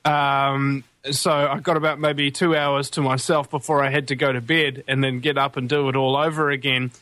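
A man's voice: mid-range voice, flat delivery, moderate pace, fairly bright tone, no room sound. Blunt, sarcastic New Zealand man. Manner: blunt, sarcastic, swears casually. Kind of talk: casual chat.

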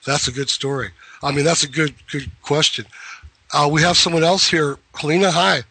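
A male radio host chatting loosely with guests and callers, drifting into rambling stories and laughing along the way. His voice is high and bright, and the sound is dry and close to the mic. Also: steady tone, moderate pace, slightly rough, dry recording, poor audio. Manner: rambling storyteller, laughs often. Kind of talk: casual talk radio chat.

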